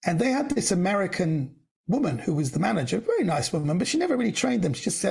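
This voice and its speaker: Brief: middle-aged comic, husky gravelly voice, pitched high, lively storyteller doing voices. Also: male voice, quick pace. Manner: animated storyteller, acts out voices. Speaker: comedian guest. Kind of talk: storytelling anecdote.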